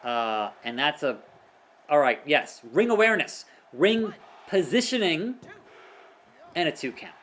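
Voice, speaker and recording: A young man playing through a wrestling video game, reading the in-game dialogue aloud and calling the action like a commentator with loud whoops. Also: a little high, sing-song, measured pace, pauses often. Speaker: gaming YouTuber. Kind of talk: let's play commentary.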